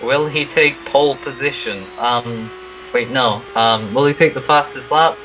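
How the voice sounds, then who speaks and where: A man giving casual, joking commentary on a sim race, often halting and poking fun at himself. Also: mid-range voice, noisy background. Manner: joking, self-deprecating, halting.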